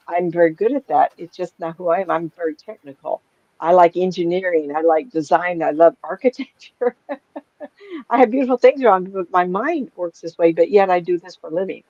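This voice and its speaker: This middle-aged woman, a psychic medium, chats casually and tells stories, acting out the voices of the people she quotes as an animated storyteller. Her voice sits on the low side, and the recording is dry with no room sound but dull and lo-fi.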